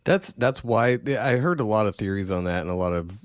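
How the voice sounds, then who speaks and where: A man hosting a casual podcast chat, talking in an animated way, swearing and acting out quoted voices. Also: lowish voice, fairly quick, dry recording, clean studio sound.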